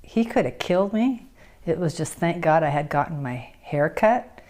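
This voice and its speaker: A woman's voice: sits low, animated, normal speed, a little mellow. An older woman interviewed for a news story, vividly retelling a personal ordeal and acting out what was said to her. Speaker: interviewee, survivor. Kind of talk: emotional personal recollection.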